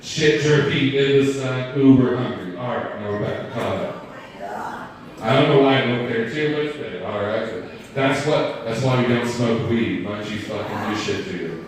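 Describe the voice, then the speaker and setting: A man's voice: medium pitch, normal speed, slight background noise. A man doing a stand-up set, rambling and self-deprecating as he banters with the crowd. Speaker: stand-up comedian. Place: live comedy venue. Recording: roomy, distant live room recording.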